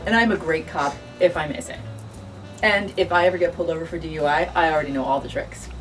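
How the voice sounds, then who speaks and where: A woman's voice: sits low, steady tone, quick pace. A woman guest in a casual interview, playful and sarcastic, laughing easily as she talks about her acting work. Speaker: actor and director, guest. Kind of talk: casual interview chat over drinks. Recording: distant mic with clear background music.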